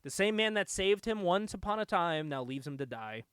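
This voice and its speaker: A young man hosting a podcast, casually recapping a comic book, animated and laughing often. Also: sits high, normal speed, smooth, dry recording, studio quality. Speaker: podcast host.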